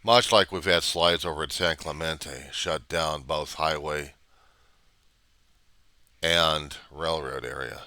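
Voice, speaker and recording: A man's voice: extremely low pitch, slow pace, pauses often, sharp tone, dry recording. A man from the United States, rambling and trailing off in a personal video diary, with mild cursing. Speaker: video diarist.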